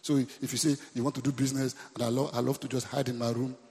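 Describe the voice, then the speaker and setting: A man's voice: medium pitch, flat delivery, fast, darkish tone, in a large hall. A Nigerian man preaching as a pastor, often checking in with the congregation and repeating his points. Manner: preachy call-and-response, repeating lines to the congregation. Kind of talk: sermon. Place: church.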